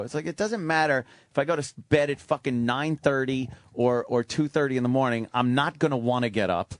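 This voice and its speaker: A man hosting a talk radio show, loose and joking at his own expense. His voice is middle-pitched and the sound is dry and close, with no room around it. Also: a little fast, few pauses, no echo. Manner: profane, wry, self-mocking. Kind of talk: casual radio chat.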